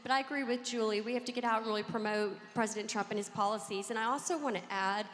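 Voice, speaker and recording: A woman's voice: on the high side, fast, fairly bright tone, a little hiss or hum. A woman from Kentucky with a Southern accent, speaking as a panelist, earnest and pleading. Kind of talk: convention panel talk. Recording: hall reverb.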